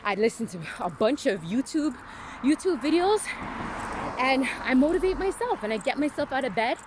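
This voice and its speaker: A woman's voice: high voice, very animated, moderate pace, noisy background. A woman giving a candid motivational monologue to camera, frank and emphatic, swearing freely and often asking "right?". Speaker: motivational vlogger.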